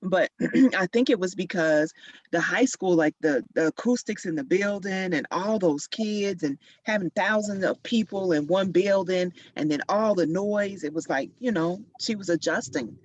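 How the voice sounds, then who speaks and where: Man from Chicago, slightly high voice, chatty, dry and dull call audio. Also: moderate pace, no echo. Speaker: discussion participant. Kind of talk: casual group conversation.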